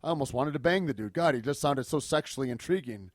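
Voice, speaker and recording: A man's voice: mid-range voice, expressive, fast talker, no room sound, studio quality. A man hosting a podcast in casual chat, ranting and joking with lots of swearing. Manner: profane, rambling joking rants. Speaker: podcast host.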